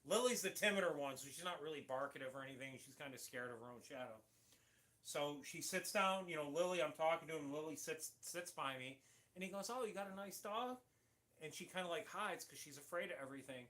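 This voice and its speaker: A man's voice: a little high, fast, bright, forceful tone. A middle-aged man from Syracuse, New York, rambling through a casual livestream chat with many restarts. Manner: rambling, chatty, frequent restarts. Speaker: livestream host.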